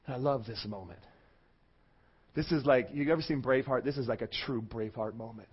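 A male pastor preaching a sermon, swinging from loud shouting to a hushed, intense murmur. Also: medium pitch, brisk, breathy edge, lo-fi sound.

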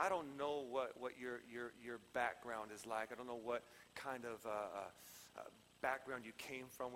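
A man preaching a sermon as pastor in a conversational way, swinging between loud emphatic lines and hushed ones. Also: a little high, a little hiss or hum. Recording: long hall reverb.

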